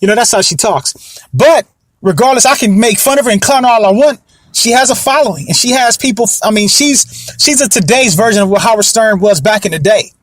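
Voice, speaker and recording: Rambling young man, high voice. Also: fairly quick, no room sound. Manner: rambling, repeats himself, keeps saying you know what I mean. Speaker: podcast host. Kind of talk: casual commentary.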